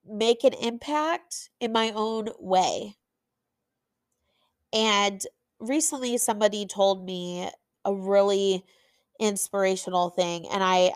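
An energetic woman hosts her podcast in a motivational monologue, pressing every point with passion and emphasis. Her voice sits at a middling pitch. The sound is dry and close, with little room around it. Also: dry recording. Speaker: podcast host.

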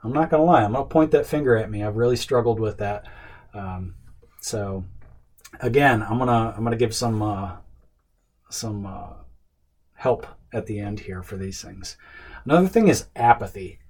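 A man's voice: fairly low pitch, normal speed, pauses often, darkish tone. A middle-aged man giving an earnest, casual motivational talk to other men, with plenty of fillers and restarts.

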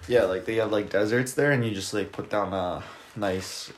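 A man's voice: lowish voice, moderate pace, a little hiss or hum. A young man in casual chat, laid-back and blunt. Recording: echoey room.

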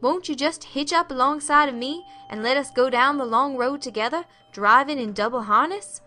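A woman's voice: on the high side, moderate pace, bright, forceful tone, a little hiss or hum. A woman voicing a sincere young Texan suitor who speaks in folksy slang, read within an audiobook. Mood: earnest. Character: earnest young Texan suitor, man, plainspoken. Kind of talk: audiobook character reading.

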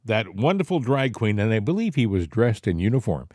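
A man's voice: on the low side, big pitch swings, fairly quick, a little mellow, dry recording, studio quality. A man with a Boston accent hosting a political talk show, rambling and indignant with plenty of filler words. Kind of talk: casual political chat.

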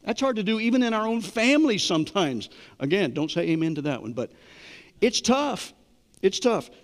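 Pastor, middle-aged man, slightly higher voice, chatty sermon delivery, long church reverb. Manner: conversational preaching, asks the congregation questions.

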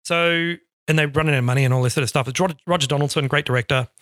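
A middle-aged man from Australia, an interview guest telling animated stories and acting out quotes. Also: a little high, very fast, no room sound. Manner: animated, acts out quotes in storytelling. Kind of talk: casual storytelling.

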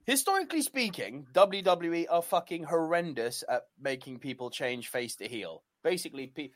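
Animated young man chatting wrestling. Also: fairly high pitch, moderate pace. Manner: animated, swears freely. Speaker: wrestling podcast co-host. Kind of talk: casual chat.

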